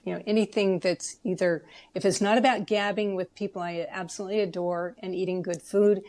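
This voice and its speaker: Woman guest chatting on a podcast, heartfelt storyteller, gets animated. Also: medium pitch, a little fast. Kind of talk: casual interview chat.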